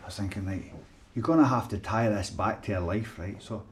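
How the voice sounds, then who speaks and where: A man's voice: lowish voice, fairly quick. A Scottish man telling a funny anecdote in a casual podcast chat, acting out both sides of the conversation and laughing as he goes. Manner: animated anecdote teller, laughs through his story. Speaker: podcast panelist.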